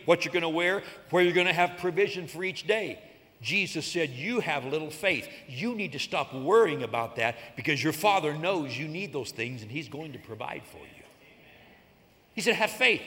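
A man preaching a sermon, retelling scripture stories with dramatic swells and sudden soft drops. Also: high voice, big-room sound. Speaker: pastor.

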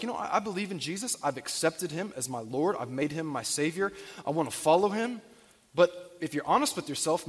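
A man with a high, light voice preaches a sermon, working through scripture and asking his listeners questions. His voice rings with a long reverb from a large church hall. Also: a bit bright. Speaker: pastor. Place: church sanctuary.

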